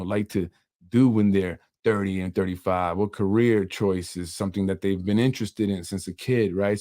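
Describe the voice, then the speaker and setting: Brief: middle-aged male podcast host, very low voice, dry close sound, earnest and rambling with lots of fillers, emotional. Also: dark tone, no echo. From Yonkers, New York. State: emotional, voice softening. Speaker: podcast host and community organizer. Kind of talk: solo podcast monologue.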